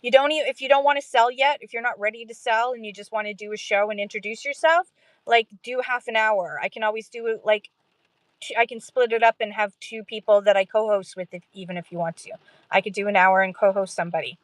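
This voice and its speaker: A woman chats casually on a livestream at a middling pitch, rambling from one thing to the next and poking fun at herself. The recording is dry and close, with no room sound. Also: fairly even intonation, brisk, dry recording. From Canada. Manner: chatty, rambling, self-deprecating, laughs often. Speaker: livestream host for sellers.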